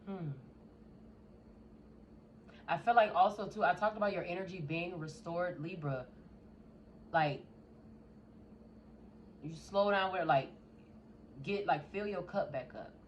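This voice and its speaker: A woman giving a casual tarot reading in a blunt, profane, animated way. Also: on the low side, slow, long pauses, muffled recording, slight background noise. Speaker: tarot reader.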